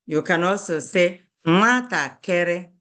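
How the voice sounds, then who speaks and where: A woman's voice: on the low side, animated, a little slow, fairly bright tone. A woman teaching a beginner language lesson, repeating each word and checking in with "okay?".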